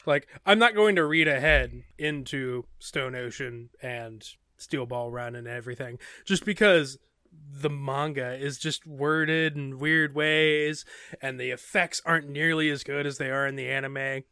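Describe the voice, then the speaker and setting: A man's voice: mid-range voice, unhurried, bright, forceful tone, clear, resonant tone, no room sound, studio quality. A man co-hosting a casual anime podcast, rambling and correcting himself as he talks. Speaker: podcast co-host.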